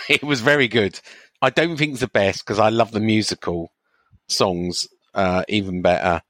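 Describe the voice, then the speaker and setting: A man with a lowish voice answering questions on a chat podcast in a relaxed, easygoing way. He weighs his opinions out loud and chuckles along with his co-host. The recording is dry and close to the mic. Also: normal speed, dry recording. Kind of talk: casual chat.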